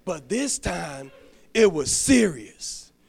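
A church deacon delivers a sermon in a sanctuary, sharing a personal story and addressing the congregation directly while frequently stumbling and restarting. His voice sits high and sing-song, slow, with vocal fry and a darkish, husky tone.

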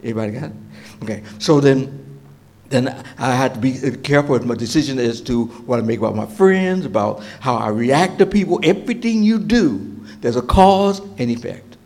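A male pastor preaching a sermon, emphatic and animated, asking the congregation questions. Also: mid-range voice, normal speed, gravelly.

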